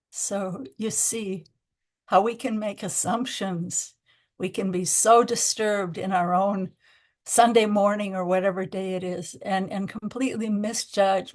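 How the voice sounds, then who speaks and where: A woman giving an informal spiritual talk at a temple, telling stories in a gentle, reflective way. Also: mid-range voice. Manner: gentle, reflective storytelling with soft laughs. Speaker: spiritual teacher.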